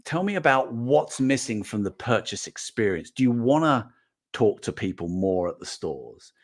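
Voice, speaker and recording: A middle-aged man hosts a casual livestream, chatting and reading out comments as an animated, rambling storyteller. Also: medium pitch, normal speed. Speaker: host.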